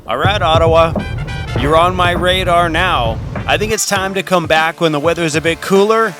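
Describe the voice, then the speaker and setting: Guy doing laid-back vlog voice-over, music under it, a bit high. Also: normal speed. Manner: casual and offhand. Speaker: travel vlogger. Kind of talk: voice-over narration.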